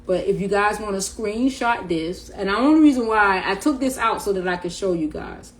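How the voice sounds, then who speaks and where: A woman's voice: mid-range voice, lively intonation, normal speed, poor audio. A middle-aged woman talking casually to camera about spiritual awareness, in a loose, slangy, rambling way, often repeating her words. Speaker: spiritual vlogger.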